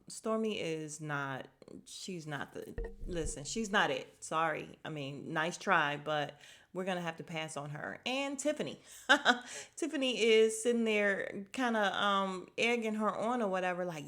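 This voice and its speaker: A woman's voice: fairly low pitch, moderate pace, fairly bright tone. A woman hosting a podcast, giving a chatty and opinionated recap of a reality show and acting out the cast's lines. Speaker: podcast host.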